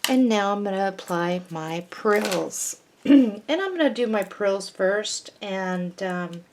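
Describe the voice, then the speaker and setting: A woman demonstrates a paper craft at an unhurried pace, talking the listener through each small step. Her pitch sits in an ordinary middle range, and her tone stays instructive and patient. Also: animated, a little mellow, a little hiss or hum. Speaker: craft tutorial host.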